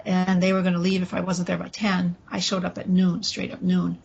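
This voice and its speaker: Gravelly low-voiced woman telling a story. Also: monotone, lo-fi sound, crowd noise. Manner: halting, with restarts and quoted dialogue. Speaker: guest recounting an experience. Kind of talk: personal storytelling in an interview.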